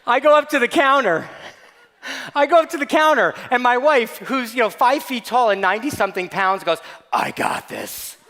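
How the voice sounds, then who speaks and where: A man giving a keynote talk to staff, telling a comic story in an animated, playful, mock-outraged way. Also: extremely high pitch, a little fast. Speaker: keynote speaker. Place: large hall. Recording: long reverb of a large hall.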